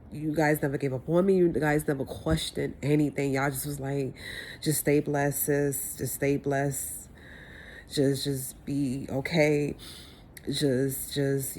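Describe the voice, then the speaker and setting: A woman's voice: low-pitched, mellow, slight background noise. A woman talking in a heartfelt personal vlog, emotional and repetitive as she thanks her family. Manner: emotional, repetitive, tearing up at times. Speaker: vlogger.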